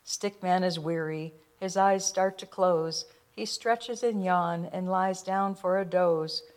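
A woman narrating a children's rhyming picture book with a gentle, rhythmic delivery. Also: lowish voice, steady tone, takes it slowly.

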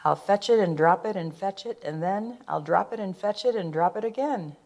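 A woman voicing a playful dog in a storybook, excited and barky. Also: mid-range voice, normal speed. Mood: eager. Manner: excited, barking delivery.

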